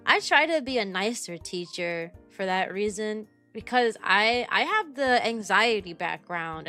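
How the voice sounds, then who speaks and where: A woman's voice: medium pitch, pushed and bright, clear, resonant tone. A young woman, a kindergarten teacher, chatting casually on a livestream and rambling with lots of fillers. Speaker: kindergarten teacher and VTuber streamer.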